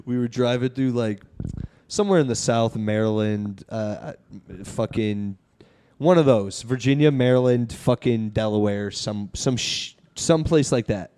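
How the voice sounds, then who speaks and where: A man's voice: medium pitch, a little slow, mellow, clear, resonant tone. A man hosting a podcast from his apartment, chatting casually, laughing often and swearing freely. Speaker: podcast host. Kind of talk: casual chat.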